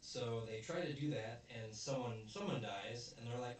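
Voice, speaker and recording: A man's voice: mid-range voice, normal speed. A man hosting a casual film review chat, rambling and searching for words as he acts out quotes. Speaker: video host, film reviewer. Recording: very echoey room, distant mic, faint noise.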